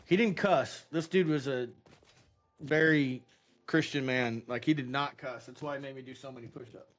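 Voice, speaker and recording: A middle-aged man streaming a game, telling rambling, animated stories in a casual way with many fillers. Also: medium pitch, moderate pace, soft background music. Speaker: gaming streamer. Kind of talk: casual storytelling while playing a game.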